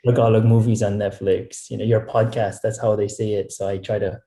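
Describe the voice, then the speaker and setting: Male guest from Hawaii, mellow dark voice, roomy sound, easygoing. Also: fairly low pitch, a little fast. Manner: relaxed, mostly English with some Tagalog. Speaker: podcast guest. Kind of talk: casual chat.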